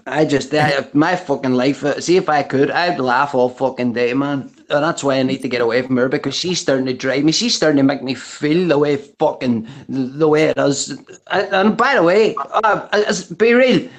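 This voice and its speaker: A man's voice: medium pitch, normal speed, hardly any pauses. A man chatting as a guest, rambling and stop-start, with heavy cursing. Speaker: guest caller. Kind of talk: casual chat.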